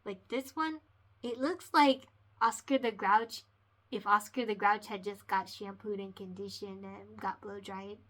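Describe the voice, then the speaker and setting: Woman picture book author, casual vlog chat, giggly and emotional, bright tone. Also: medium pitch.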